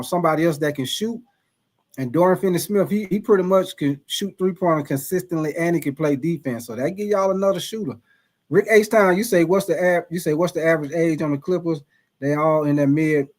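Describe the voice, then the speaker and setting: A man hosting a casual live stream, reading chat and greeting viewers by name, with frequent restarts and stumbles over names. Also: a little high.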